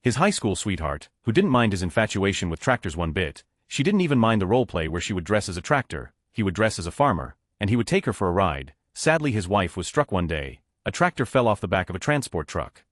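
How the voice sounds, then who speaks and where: A man's voice: sits low, fairly quick, hardly any pauses, no echo, clean studio sound. A man narrating a string of reader-submitted jokes in a scripted, announced-by-number way. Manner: animated, reads numbered stories one after another.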